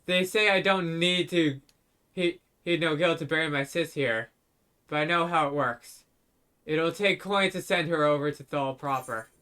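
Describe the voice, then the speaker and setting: Man voicing a young village boy, grieving, folksy drawl, hushed and halting, bright tone, game character. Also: on the high side, clear, resonant tone. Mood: somber. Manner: folksy rural dialect, quiet and halting.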